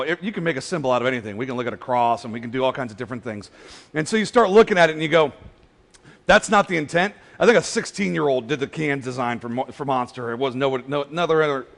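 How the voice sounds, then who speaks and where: Animated joking male pastor, high voice. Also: gravelly. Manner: conversational, joking, animated storytelling. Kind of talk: sermon. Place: church sanctuary. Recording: church hall reverb.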